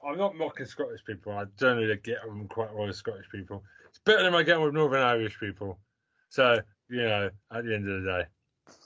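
A man's voice: mid-range voice, lively intonation, fast talker, bright, forceful tone. A man co-hosting a casual chat, teasing and bantering with plenty of likes and fillers. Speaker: podcast co-host.

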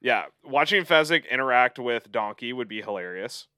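A man's voice: medium pitch, animated, moderate pace, sharp tone, clean tone, dry recording, studio quality. A man on a podcast talking casually, rambling and hesitant with lots of ums. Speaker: podcast co-host. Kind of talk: casual chat.

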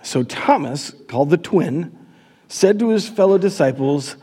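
High-voiced chatty pastor preaching. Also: male voice, animated, a little slow, dark tone, breathy edge. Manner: casual and chatty, with many fillers. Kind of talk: live sermon. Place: church.

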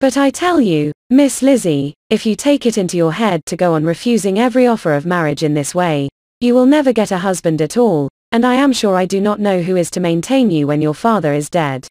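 A woman's voice: on the low side, expressive, brisk, mellow, no room sound, studio quality, lightly acted. Mrs Bennet, a whining fretful mother, read by a woman. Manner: whining, self-pitying, dramatic. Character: fretful complaining middle-aged mother. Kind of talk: audiobook character reading.

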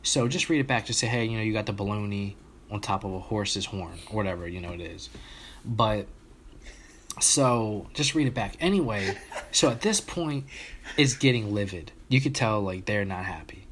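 A man's voice: fairly low pitch, lively intonation, moderate pace, a bit bright, a little hiss or hum. A man telling a long story in casual chat among friends on a podcast, with frequent restarts and fillers.

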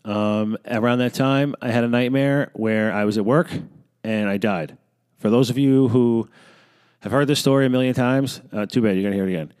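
A man's voice: mid-range voice, normal speed, a little mellow, clear, resonant tone. A man in his thirties, a fitness coach, talking bluntly and profanely in a rambling casual monologue.

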